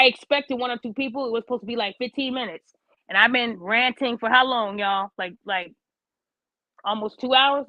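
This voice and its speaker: A woman hosting a live online show, blunt, profane and passionate as she talks straight to her chat. Her voice sits on the higher side, and the sound is dull and lo-fi with a dry, close feel. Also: dry recording. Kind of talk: livestream rant to chat.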